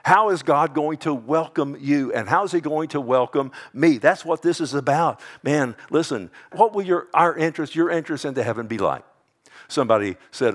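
A man's voice: on the high side, expressive, normal speed. Emphatic male preacher. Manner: emphatic preaching, big swings from loud to hushed; addresses listeners as "loved one", asks "amen?". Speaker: pastor. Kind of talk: sermon.

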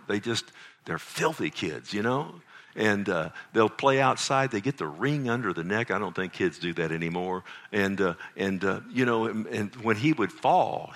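A middle-aged man preaching a sermon, animated, full of rhetorical questions. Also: lowish voice. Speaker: pastor. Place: church sanctuary.

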